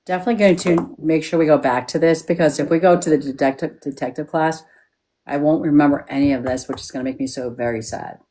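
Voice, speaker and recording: Low-voiced woman medium giving readings. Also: fast, warm tone, a little hiss or hum. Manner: frank, repeats questions for yes or no. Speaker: psychic medium. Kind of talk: live-stream reading.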